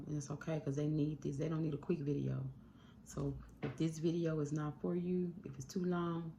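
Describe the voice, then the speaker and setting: A woman's voice: low voice, gravelly, dark tone, slight background noise. A woman talking earnestly into her phone at home about coping with grief, rambling and shifting her pace often. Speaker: YouTube channel host. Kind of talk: emotional talk to camera about grief. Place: at home indoors. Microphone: phone mic.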